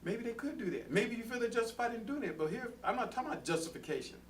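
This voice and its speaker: A man's voice: very high-pitched, animated, quick pace. A man teaching a conversational Bible study sermon, earnest and direct, talking to the room and acting out everyday quarrels. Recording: distant mic with faint background noise.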